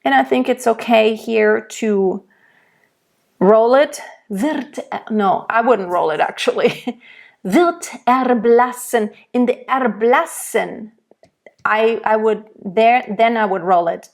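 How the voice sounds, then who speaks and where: A woman's voice: on the high side, creaky. A woman from Germany with a German accent, a singing teacher giving a diction lesson and modeling each sound aloud. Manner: explains slowly, models pronunciation aloud.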